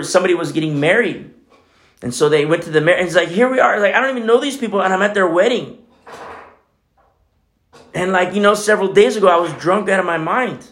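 A man's voice: on the high side, a bit bright. A man preaching a casual, conversational sermon in church, telling a personal story with many fillers. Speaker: pastor.

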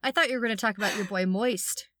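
A woman co-hosting a casual podcast chat, animated, reading out quoted lines from a story. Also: mid-range voice, quick pace, no room sound. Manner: animated, reads out quoted lines with dry voices. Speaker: podcast co-host.

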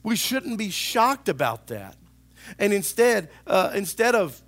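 A male pastor preaching a sermon in a church, animated and talking to the congregation, now and then acting out voices. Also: high-pitched, unhurried. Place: church sanctuary.

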